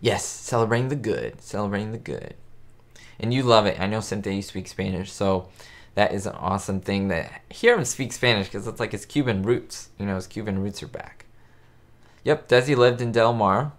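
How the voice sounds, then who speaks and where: Casual male live-stream host, lowish voice, loose and rambling delivery for a facecam chat. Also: moderate pace. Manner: rambling and chatty, many fillers and restarts.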